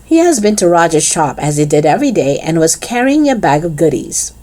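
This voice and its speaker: A woman reading a children's chapter book aloud with expressive storytelling. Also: deep voice, brisk.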